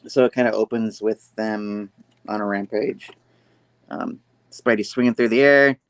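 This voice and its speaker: A man's voice: lowish voice, a little slow, dry recording. A man hosting a casual comic book review, rambling with many fillers and frequent laughter. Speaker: host of a comic review show.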